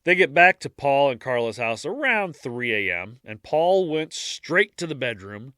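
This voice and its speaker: Male podcast co-host telling a case casually with wry asides; bright voice, dry close sound. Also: mid-range voice, big pitch swings, a little slow, no echo. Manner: reads case details, breaks off for dark jokes. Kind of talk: casual true-crime narration.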